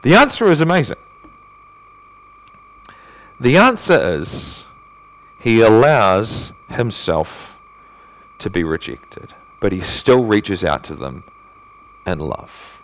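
A male pastor preaching a sermon in earnest, asking rhetorical questions and swinging between emphatic and hushed delivery. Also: on the low side, very animated, slow pace, pauses often.

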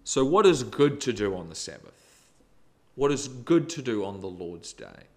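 A middle-aged man preaching a sermon, expressive and emphatic, with sudden rises and drops in loudness. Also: medium pitch, a little slow.

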